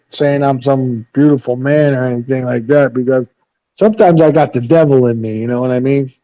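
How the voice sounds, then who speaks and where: A man's voice: mid-range voice, darkish tone, dry recording. A man in a casual live chat, telling stories in a blunt, profane, rambling way. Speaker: panel host.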